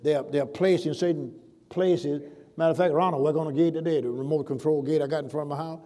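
A man delivers a sermon in a slightly raised voice. He talks his listeners through scripture in a loose, conversational way. Then he slows and swells loud on the key words. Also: fairly high pitch, steady tone. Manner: preacherly, drawn-out emphasis on scripture with sudden loud swells. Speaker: pastor.

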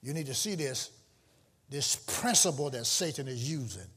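A man preaching a sermon to a live congregation, calling out questions, teasing the listeners and rising into shouts. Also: medium pitch, expressive, moderate pace, husky. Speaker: pastor. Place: church before a live congregation.

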